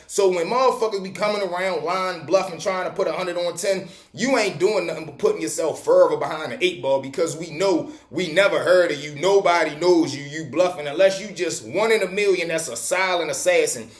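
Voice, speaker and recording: A man's voice: sits high, a little fast, few pauses. A man telling a prison story in casual street slang, swearing freely. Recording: echoey room.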